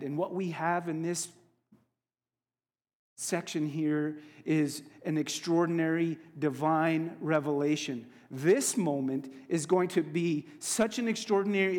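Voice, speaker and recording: A male preacher delivering a sermon, slow and emphatic, with casual asides, in a church sanctuary. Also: high voice, darkish tone, long reverb tail.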